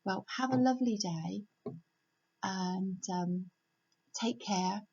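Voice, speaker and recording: An older woman giving a homely, gentle devotional talk from home, repeating her key phrases. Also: medium pitch, slow, vocal fry, slight background noise. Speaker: church speaker. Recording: dull lo-fi home recording.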